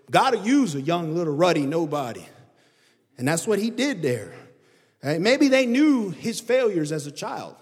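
High-voiced man preaching in a reverberant hall. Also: big pitch swings, a little slow. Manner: emphatic preaching that rises and drops in pitch and loudness. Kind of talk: sermon.

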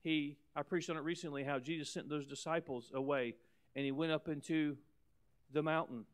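A pastor in the middle of a sermon, a man with a slightly higher-pitched voice. He preaches emphatically, often repeating words. He swings between loud, pressing points and quieter, softer lines. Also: steady tone, moderate pace, smooth.

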